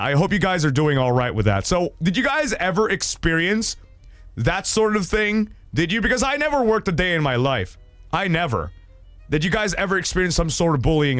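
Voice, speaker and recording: A young man with a fairly high voice chats through a casual stream, animated and swearing freely as he rambles along. His voice sounds close and dry, with faint music playing behind him. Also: dry recording. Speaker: streamer reading viewer stories. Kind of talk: casual livestream chat.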